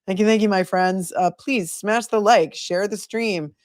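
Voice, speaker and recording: A woman's voice: medium pitch, a little slow, a little mellow, dry recording. A woman hosting a live stream about a trial, chatting casually and thanking her viewers by name. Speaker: live-stream legal commentator.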